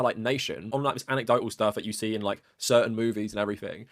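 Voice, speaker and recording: A man's voice: medium pitch, quick pace, few pauses, no room sound, clean studio sound. Chatty male video commentator. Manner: conversational, with frequent fillers of "like" and rising stress on key points. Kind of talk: casual video-essay commentary.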